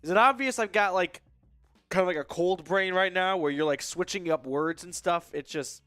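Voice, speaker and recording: A young man hosts a live sports talk stream, upbeat and chatty, shouting out viewers as he goes. His high voice is clear and resonant at a moderate pace, recorded with no room sound, though a cold leaves it stuffy and nasal.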